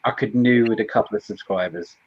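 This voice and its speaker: A man, a guest on a stream, chatting in an animated, rambling way with some swearing. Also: lowish voice, fast, slightly rough, no room sound, highs cut off. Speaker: guest youtuber. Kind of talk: casual chat.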